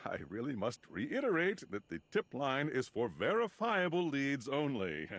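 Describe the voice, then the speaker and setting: An actor playing a stiff corporate announcer who delivers a formal, bureaucratic warning with deadpan menace. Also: male voice, medium pitch, measured pace, no echo, full character voice. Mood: officious. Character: stiff corporate male announcer, officious and threatening. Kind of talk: scripted game dialogue.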